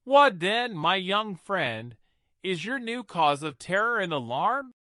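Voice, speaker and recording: A man reading an audiobook voices a calm elderly male professor who speaks in a measured, smiling, coolly provoking way. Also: high-pitched, no room sound, studio quality, pitched above the performer's own voice, exaggerated voice. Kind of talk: audiobook character voice.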